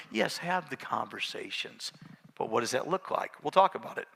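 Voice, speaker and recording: A middle-aged male pastor preaching an animated sermon in a church sanctuary, swinging between loud emphasis and hushed asides. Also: mid-range voice, normal speed, creaky, husky. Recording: reverberant church hall.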